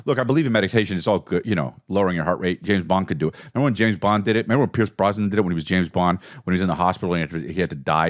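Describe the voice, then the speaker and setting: A man hosting a podcast, rambling through a profane, comedic solo monologue that jumps between topics. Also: on the low side. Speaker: podcast host.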